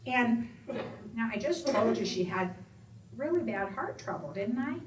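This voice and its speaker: A woman's voice: a little high, a little slow, a little hiss or hum. A middle-aged woman, an Alzheimer's advocate, telling a personal story to an audience and voicing the people in it. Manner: expressive storyteller, quoting others in raised voices. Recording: echoey room from far off, faint ambience.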